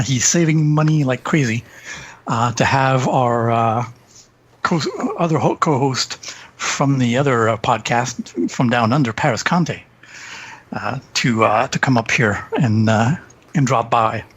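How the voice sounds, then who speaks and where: A man's voice: medium pitch, a little slow, husky, highs cut off. A Canadian man co-hosting a podcast in casual chat, hesitant with frequent ums and uhs, chuckling as he talks. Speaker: podcast co-host.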